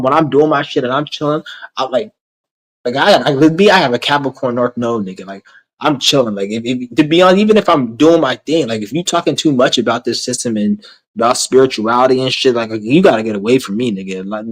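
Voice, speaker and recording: A male vlogger with a mid-range, fairly bright voice rants at his camera, blunt and heavily profane, rambling and repeating himself. The audio quality is poor.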